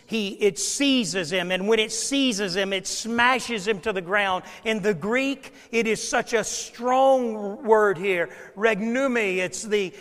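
Man, pastor, preaching a sermon, high voice, hushed storytelling then shouting, long hall reverb.

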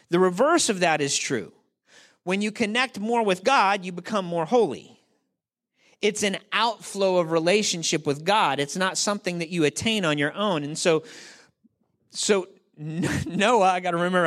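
Speaking at a moderate pace, this man has a high-pitched, fairly bright voice. He's a pastor preaching conversationally, posing rhetorical questions to the congregation and poking fun at himself.

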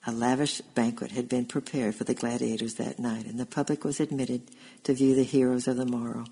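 A man narrating a historical story aloud in a steady, even reading. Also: medium pitch, a little fast, vocal fry, breathy edge, poor audio.

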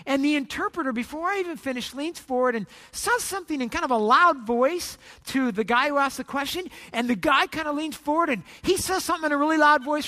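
A pastor preaching a sermon, an animated storyteller whose voice rises loud in the busy parts and softens into slow appeals. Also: high voice. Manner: animated storyteller, rising loud when retelling chaos; trails off into soft, slow appeals at the close.

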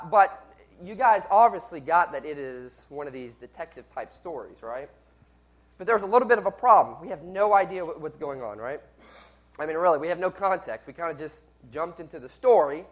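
A man's voice: a little high, expressive, fairly quick, rough recording. Sick preacher quizzing his listeners. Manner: conversational, asks the audience questions. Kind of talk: sermon and teaching.

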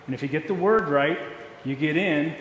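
A man's voice: fairly high pitch, normal speed, close to an everyday voice. A man voicing a businesslike male gatekeeper of heaven, explaining the rules in a matter-of-fact way. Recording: echoey hall, faint noise.

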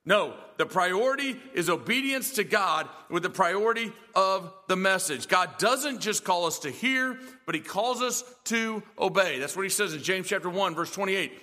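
High-voiced man preaching emphatically. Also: expressive, normal speed, hardly any pauses, pushed and bright, in a large hall. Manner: emphatic preaching with rhetorical questions. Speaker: pastor. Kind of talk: sermon.

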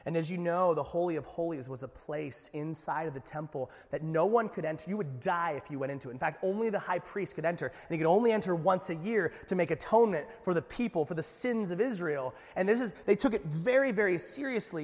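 A man's voice: on the high side, a little fast, hardly any pauses. A man preaching a sermon to his congregation, speaking conversationally with asides and building to emphatic peaks. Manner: animated preaching with rising emphasis. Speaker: pastor. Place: church sanctuary. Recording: echoey hall.

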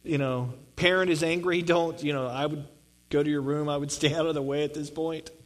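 A man's voice: fairly high pitch, fairly even intonation, fairly quick, low-quality recording. A man preaching a sermon, reading scripture and explaining it in a conversational way, often repeating words for emphasis. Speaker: pastor.

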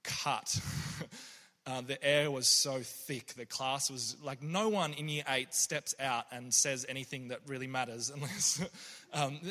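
A man's voice: medium pitch, steady tone, measured pace, bright, forceful tone, in a large hall. A man, a poet, giving a reflective faith talk that mixes in stories. He speaks earnestly, often restarts his sentences, and briefly acts out the voices of people he quotes.

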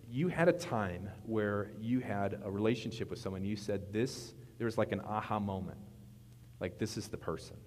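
A man preaching a casual sermon as pastor, chatting to the congregation and telling stories with asides. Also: lowish voice. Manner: conversational, animated storytelling with asides to the congregation. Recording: long reverb of a large hall.

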